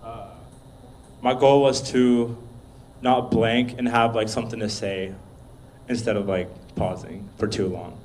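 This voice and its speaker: A man's voice: lowish voice, little pitch movement, unhurried, a little mellow, a little hiss or hum. A man taking part in a speaking practice, answering hesitantly with fillers. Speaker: workshop participant. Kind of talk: impromptu practice speech. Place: meetup room.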